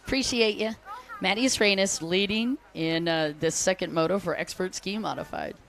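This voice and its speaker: A woman's voice: on the low side, moderate pace, vocal fry, fairly bright tone. A woman announcing a jet ski race live, chatty and upbeat, joking with the crowd. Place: outdoor race venue by the water.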